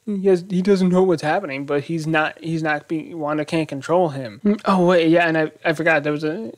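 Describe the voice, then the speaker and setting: A man hosting his own channel, casually recapping a TV episode in a rambling, animated way, thinking aloud. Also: on the high side, fairly quick, dry recording, studio quality. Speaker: YouTube show host.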